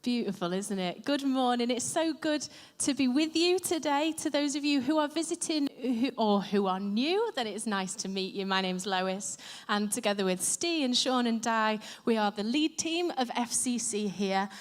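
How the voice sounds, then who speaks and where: A woman pastor on her church's lead team preaches in a large church hall, her fairly high, animated voice moving at a moderate pace amid echoey reverb. Chatty and self-deprecating, she asks her congregation questions throughout the sermon.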